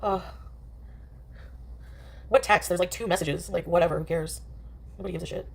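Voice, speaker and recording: A woman's voice: fairly low pitch, steady tone, moderate pace, creaky, husky. A woman chatting casually on a livestream, dismissive and rambling, full of filler "like"s. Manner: dismissive, rambling, many likes.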